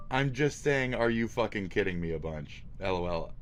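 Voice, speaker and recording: A man streaming live, giving casual reaction commentary in a mocking, profane and excitable way. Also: fairly low pitch, moderate pace, a little hiss or hum.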